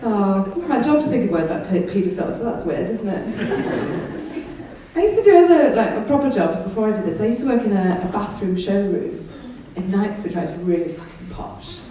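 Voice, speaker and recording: A comedian from Wales, speaking a little fast with a medium pitch and lively intonation, teases a laughing concert-hall crowd during a chatty, cheeky stand-up set. The venue recording was captured from the audience and sounds distant and full of hall echo.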